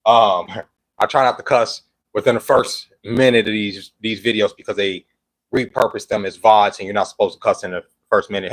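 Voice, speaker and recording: A man's voice: lowish voice, normal speed, dry recording, poor audio. A man hosting a live stream, out of breath with a phlegmy throat, chatting loosely and greeting viewers. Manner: loose, rambling talk with slang and restarts. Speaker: livestream host. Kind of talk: casual live-stream chat.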